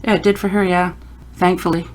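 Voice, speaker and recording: A woman's voice: lowish voice, level tone, brisk, a little hiss or hum. A woman hosting a paranormal podcast, chatting casually and telling stories with quoted asides. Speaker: podcast host. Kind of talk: casual interview chat.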